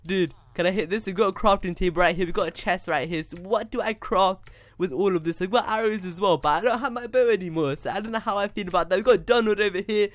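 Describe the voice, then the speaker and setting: Excitable high-voiced young man gaming. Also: fast, dry recording. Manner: excitable, talks to himself, says dude a lot. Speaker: gaming YouTuber. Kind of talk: casual Minecraft gameplay commentary.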